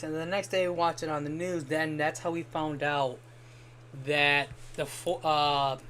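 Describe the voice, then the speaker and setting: A man streaming a game and telling a rambling story in casual chat, swearing freely and getting animated when he quotes people. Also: fairly high pitch, a little hiss or hum. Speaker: gaming streamer. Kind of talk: casual storytelling while gaming.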